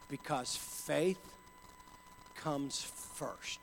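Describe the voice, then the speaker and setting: A man preaching a sermon with passion, dropping to a hush and then building up to shouts. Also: fairly high pitch, lively intonation, measured pace, pauses often, a little hiss or hum. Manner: impassioned, swings from hushed to shouting. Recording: hall reverb with faint ambience.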